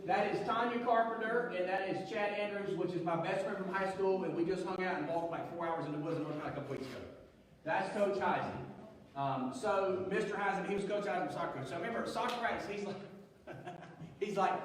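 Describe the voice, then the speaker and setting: A man giving a youth sermon, telling a funny story in an animated, chatty way. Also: sits high, quick pace, slight background noise. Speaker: youth pastor. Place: large church hall. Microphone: distant from the mic. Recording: echoey hall, distant mic, faint ambience.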